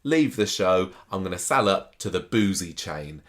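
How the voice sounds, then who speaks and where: A man, chatting casually as a podcast host, animated and laughing often. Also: low-pitched, moderate pace. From southern England. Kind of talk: casual chat recapping a soap opera.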